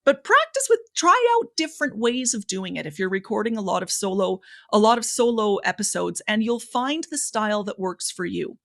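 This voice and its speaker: A woman guest on a podcast, giving speaking advice in an animated, expressive way with lots of pitch variation. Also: normal speed, creaky, hardly any pauses.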